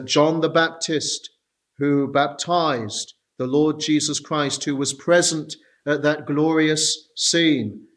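A man preaching an expository sermon, reading Bible verses and explaining them in a measured way with frequent pauses. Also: on the high side.

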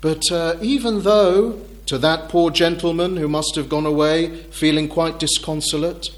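A middle-aged man preaching a sermon in a measured, thoughtful way, with frequent hesitations. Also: a little high, fairly even intonation.

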